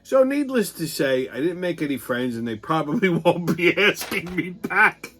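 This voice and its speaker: A man's voice: on the high side, very animated, moderate pace, bright, forceful tone, slight background noise. A man hosting a weekly show, delivering a profane, sarcastic comedic news rant. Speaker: host.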